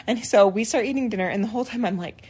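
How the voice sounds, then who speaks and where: Her voice is medium in pitch, fast and slightly breathy as this middle-aged woman spins a story on the podcast she co-hosts. In relaxed chat, she animatedly acts out each person she quotes.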